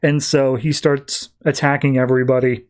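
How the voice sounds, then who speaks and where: A man's voice: medium pitch, flat delivery, normal speed. A man hosting a podcast, recapping a comic book in a rambling, filler-heavy way. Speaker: podcast host.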